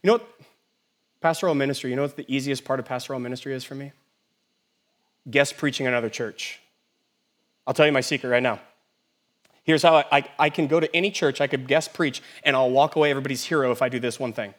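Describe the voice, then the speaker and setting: A middle-aged pastor preaches animatedly in a mid-range voice, speaking fast but with long pauses. He alternates between loud and hushed tones and poses numerous rhetorical questions to the congregation.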